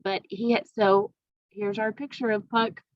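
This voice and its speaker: A woman's voice: medium pitch, little pitch movement, measured pace, dry recording, highs cut off. A woman teacher who reads a play aloud in turn and then retells each part in casual everyday words. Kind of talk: reading and explaining a play to students.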